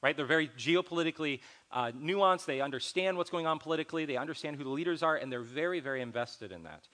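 Bright-voiced earnest male pastor preaching. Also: on the high side, animated, quick pace. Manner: conversational, earnest, acts out quoted dialogue. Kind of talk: sermon.

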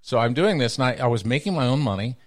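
A middle-aged man from Texas telling personal stories in a casual interview, acting out the voices of people in them with big jumps in pitch. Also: lively intonation, fast, no echo, studio quality. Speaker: guest storyteller.

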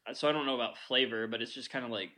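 A man's voice: mid-range voice, fairly even intonation, racing, bright, forceful tone. A man co-hosting a podcast in casual chat, self-deprecating and full of fillers and trailing thoughts. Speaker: podcast co-host.

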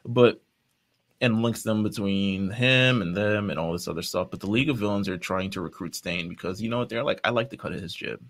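A man's voice: on the low side, brisk, fairly bright tone. A man co-hosting a podcast, chatting casually, rambling, laughing often and swearing. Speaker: podcast co-host. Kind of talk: casual chat.

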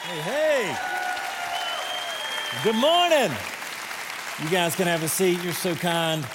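A man's voice: sits high, sing-song, takes it slowly, music in the background, a crowd in the background. Middle-aged Southern man from North Carolina, guest preacher, folksy and enthusiastic, on a church stage with a long echo. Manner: folksy and enthusiastic, joking with the congregation. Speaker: guest pastor. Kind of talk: sermon. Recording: long reverb in a large hall with a congregation.

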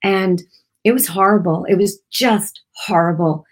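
A woman's voice: mid-range voice, unhurried. Casting note: middle-aged woman, earnest, chatty devotional teacher. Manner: earnest, conversational, repeats phrases with many fillers. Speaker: Christian teacher.

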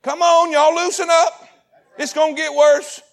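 A man preaching a sermon in a church, animated, repeating lines, shouting at times and asking the congregation questions. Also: very high voice, measured pace, vocal fry. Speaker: pastor. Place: church sanctuary.

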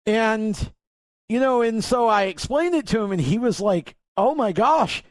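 A man's voice: high-pitched, moderate pace, clean tone, dry recording. A man hosting a podcast, telling a long story in a rambling way with many restarts and acting out both sides of phone calls. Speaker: podcast host. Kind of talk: casual storytelling.

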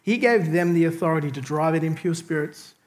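Male pastor with a high voice, chatty storyteller who laughs easily while preaching. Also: brisk. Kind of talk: storytelling sermon.

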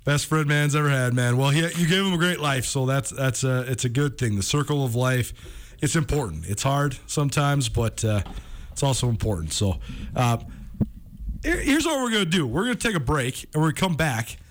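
A man hosting a sports radio show, talking in an energetic, chatty way. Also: medium pitch, moderate pace, slight background noise. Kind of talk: casual sports talk. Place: radio studio.

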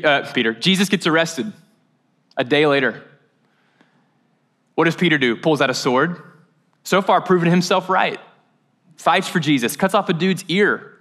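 A man's voice: fairly high pitch, a bit bright. A man preaching a casual sermon at a church service, telling the story in a chatty, joking way before leading a guided meditation.

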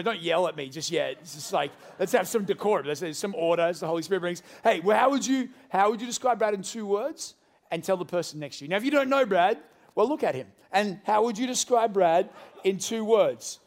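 Man pastor, high voice, animated and playful sermon to a live congregation. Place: church hall with congregation.

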